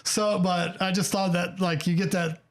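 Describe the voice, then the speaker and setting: A man from Ohio with a voice pitched a little high for a man hosts a relaxed podcast chat. He talks in halting bursts, restarts often and swears casually. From Dayton, Ohio. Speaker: podcast host.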